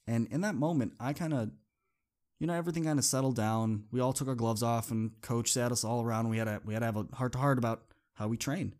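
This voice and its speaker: A man's voice: mid-range voice, fairly even intonation, quick pace, darkish tone. Earnest man hosting a podcast. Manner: earnest, conversational, repeats phrases for emphasis. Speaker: podcast host. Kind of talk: motivational podcast monologue with personal story.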